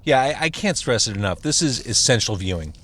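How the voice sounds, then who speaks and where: A man's voice: mid-range voice, animated, brisk, fairly bright tone. A man hosting a podcast, asking questions and chiming in with enthusiastic short affirmations in casual chat. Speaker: podcast host.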